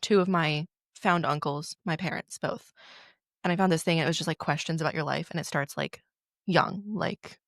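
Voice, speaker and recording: A young woman with a lowish voice chats on a podcast, animated and swearing freely. The sound is close and dry, with no room around it. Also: moderate pace, creaky, no echo. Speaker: podcast co-host. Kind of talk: casual chat.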